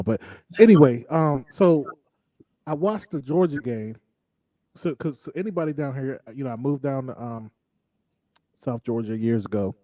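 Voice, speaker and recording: A man co-hosting a relaxed talk show, drawling and throwing in mocking asides. His voice is mellow and dark, and the recording sounds dry and a little dull. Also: medium pitch, no echo. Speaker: podcast co-host. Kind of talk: casual chat.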